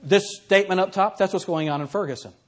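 A man giving a classroom lecture, reading examples aloud and putting questions to his audience in an animated, conversational way. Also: high-pitched, fast talker.

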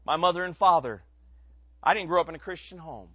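A man preaching a sermon, telling his own testimony in an earnest, emotional way that rises into loud emphasis and drops to near quiet. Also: on the high side, fairly quick, breathy edge, no room sound. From Ohio.

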